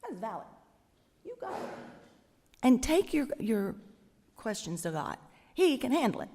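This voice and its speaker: Slow-talking woman preacher in a church. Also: on the high side, very animated, mellow. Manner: conversational, musing, hesitant. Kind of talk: sermon. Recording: long church reverb.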